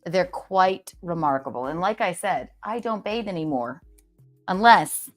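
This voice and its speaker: A woman's voice: on the low side, lively intonation, measured pace, soft background music. A woman hosting a livestream in casual chat, playful and talkative, often restarting her sentences. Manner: chatty and playful, with many restarts. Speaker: livestream host.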